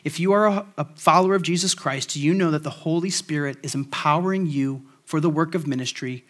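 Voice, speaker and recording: A man's voice: on the high side, fairly quick. A male pastor preaching a sermon to his church in a conversational way, with many fillers, then closing in prayer. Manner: conversational, frequent fillers, prays to close.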